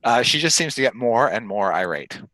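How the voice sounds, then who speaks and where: A man narrates a tabletop game as its dungeon master, amused and lively. His voice is bright and moves a lot in pitch. The sound is dry and close to the mic. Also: fairly quick, dry recording.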